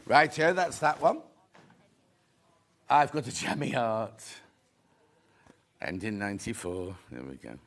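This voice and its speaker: A man's voice: lowish voice, huge pitch swings, slow pace, long pauses, fairly bright tone. A man presenting a live sewing shopping show, chatty and reading out viewer comments. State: out of breath. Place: TV studio.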